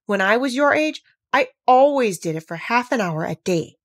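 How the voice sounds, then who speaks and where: A woman reading a storybook aloud, voicing a fussy, scatterbrained elderly queen who frets and rises to squeaks. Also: animated, normal speed, no room sound, clean studio sound. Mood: brisk, decided. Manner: fretful, fluttery, rising to squeaks.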